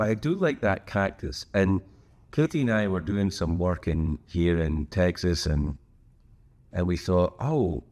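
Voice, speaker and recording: A man's voice: sits low, darkish tone. An older man with a Scottish accent, hosting a casual solo chat in a hotel room, rambling and joking with lots of asides and restarts. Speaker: host.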